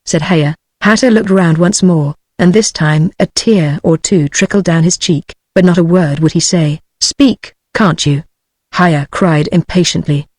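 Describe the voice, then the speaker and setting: A text-to-speech voice narrating a storybook audiobook, with a flat synthetic delivery. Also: medium pitch, normal speed, hardly any pauses, no room sound.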